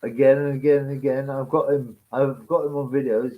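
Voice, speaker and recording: A man's voice: mid-range voice, fairly even intonation, moderate pace, few pauses, dark tone, rough recording. A man hosting a live stream, ranting in a crude, mocking, rambling way. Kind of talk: casual live-stream rant.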